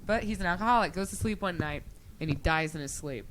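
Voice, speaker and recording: A woman's voice: fairly low pitch, fast talker, a little hiss or hum. A woman telling stories and a long joke in casual chat, rambling, swearing freely and laughing as she goes.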